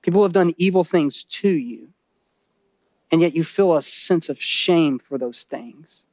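High-voiced man preaching, dry close sound. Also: measured pace, dry recording. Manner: animated, acts out voices and quotes for illustration; drops to a low, serious tone for warnings. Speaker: pastor. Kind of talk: sermon. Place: church.

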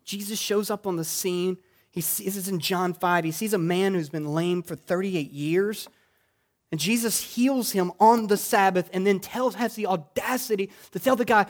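A male pastor preaching a sermon in a church, moving from quiet reflection to loud, exclamatory passages. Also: high-pitched, normal speed. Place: church sanctuary.

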